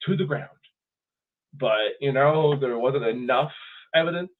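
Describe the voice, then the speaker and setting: A man co-hosting a podcast, chatting casually and profanely about sports in an animated way. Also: mid-range voice, measured pace. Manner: animated, profane, mimics players in funny voices. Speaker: podcast co-host. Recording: tinny phone-like audio.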